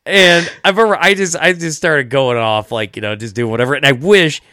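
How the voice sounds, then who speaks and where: A man's voice: a little high, brisk, pushed and bright, no room sound, studio quality. A young man hosting a casual podcast chat, telling stories with lots of swearing and laughter. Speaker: podcast host.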